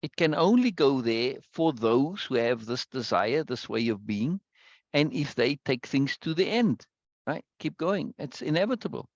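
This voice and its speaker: A man's voice: mid-range voice, expressive, unhurried, no echo, dull audio. A man leading a book discussion, explaining passages aloud and often stopping to ask "right?", with restarts and repeated words.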